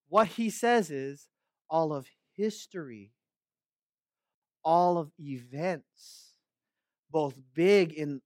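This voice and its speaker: A man's voice: high-pitched, dry recording. A male pastor giving an earnest expository sermon, often checking in with his listeners and building to impassioned rhetorical questions.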